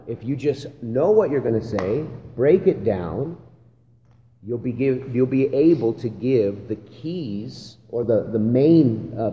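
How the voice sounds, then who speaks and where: A man's voice: mid-range voice, mellow. A man, a pastor, giving a conversational teaching talk to other pastors, often asking "right?" as he goes. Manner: conversational, repeats "right?" and "again". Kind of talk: church leadership teaching talk. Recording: long hall reverb, faint ambient noise.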